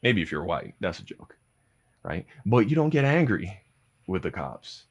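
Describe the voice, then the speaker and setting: A young adult man giving casual parenting advice to his viewers, animated, swearing freely and calling them bro. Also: low voice, normal speed, breathy edge, muffled recording.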